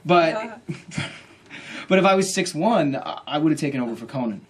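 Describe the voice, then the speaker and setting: Animated self-mocking man telling a story. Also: a little high, moderate pace, breathy edge. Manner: animated, self-deprecating, acts out his own inner voice. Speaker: author at a book event. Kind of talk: comic storytelling talk to an audience.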